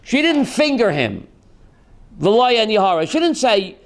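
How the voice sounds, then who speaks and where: A man teaching a lively Torah class as a rabbi, asking his listeners questions and mixing in Hebrew terms. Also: extremely high pitch, normal speed. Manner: animated, asks the audience questions, mixes Hebrew terms.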